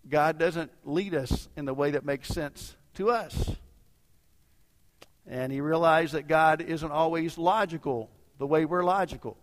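A man preaching a sermon as a lively storyteller, acting out the dialogue of the people in his story. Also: on the high side. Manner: animated storyteller acting out dialogue in quick asides. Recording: long reverb of a large hall.

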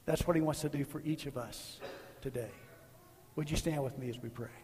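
A middle-aged man, a guest pastor, telling stories in a sermon, swinging from loud bursts to near whispers. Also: medium pitch, brisk, big-room sound, a little hiss or hum. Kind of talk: sermon with altar call. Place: church sanctuary.

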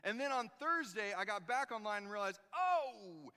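A bright, high-voiced man preaches to his congregation, telling a story with lively, animated emphasis. His voice rings with the long reverb of a church sanctuary, and he punches quoted lines loudly. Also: fairly quick, smooth. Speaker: pastor. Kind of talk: sermon.

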